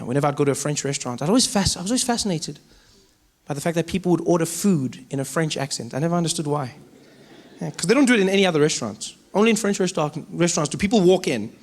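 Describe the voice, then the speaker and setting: A South African man performing stand-up comedy, telling stories with lively accent impressions, on a theatre stage with a stage microphone. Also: fairly high pitch, fast talker. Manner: animated storytelling with frequent accent impressions. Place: large theatre stage before a live audience.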